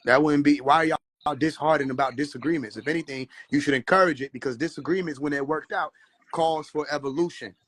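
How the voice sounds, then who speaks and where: A man hosting a casual livestream, talking in an animated, preachy way and mocking people with laughs. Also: a little high, quick pace, few pauses, breathy edge. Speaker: livestream host. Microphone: phone.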